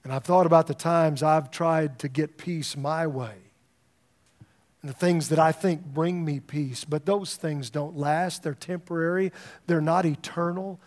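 Man, pastor, middle-aged, sermon, chatty storytelling, restarts words, fairly high voice. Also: steady tone, measured pace, darkish tone. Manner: conversational storytelling, repeats words when starting.

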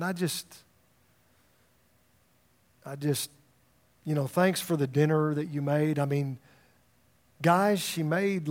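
A middle-aged man, a pastor, preaching a sermon in a conversational storytelling way, often repeating words as he starts a thought. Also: fairly high pitch.

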